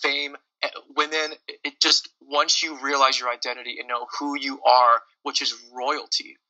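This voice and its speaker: Over dull, lo-fi audio, a male singer being interviewed shares a personal story with earnest feeling and frequent restarts. His medium-pitched delivery is flat and moderately paced, yet bright and forceful; he is the band's lead singer and the interview's guest.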